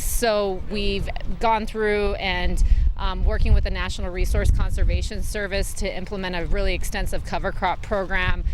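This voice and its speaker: A woman's voice: medium pitch, a bit bright, a little hiss or hum. A woman farm owner interviewed outdoors, explaining her methods at length with frequent fillers. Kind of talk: news interview.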